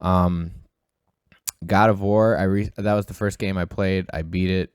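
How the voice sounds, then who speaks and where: Deep-voiced eager male co-host. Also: steady tone, unhurried, clear, resonant tone, no room sound, clean studio sound. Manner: eager, rambling, many fillers. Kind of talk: casual tech chat.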